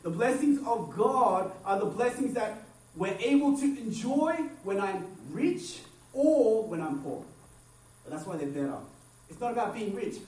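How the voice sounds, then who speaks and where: A man preaching a sermon, animated, acting out quotes and swinging from loud to hushed. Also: sits high. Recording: echoey room, mic at a distance, faint background noise.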